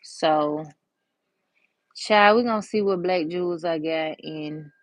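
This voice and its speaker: A woman's voice: low voice, slow, a little hiss or hum. A woman, chatting and storytelling with slang while doing nail art. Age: 30s. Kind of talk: casual chat while doing nails.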